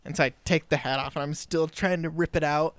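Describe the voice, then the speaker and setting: A young man with a fairly high, smooth voice tells a funny childhood story on a casual podcast. He acts out the family's lines as he goes and laughs his way through it. The sound is close and dry. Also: steady tone, fairly quick, a bit bright, no echo. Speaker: podcast co-host.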